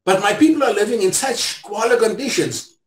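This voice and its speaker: A man's voice: high-pitched, brisk. A middle-aged South African man, an interview guest, telling stories with a preacherly, emphatic delivery. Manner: preacherly, rising to emphatic peaks. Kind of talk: impassioned storytelling. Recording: echoey room.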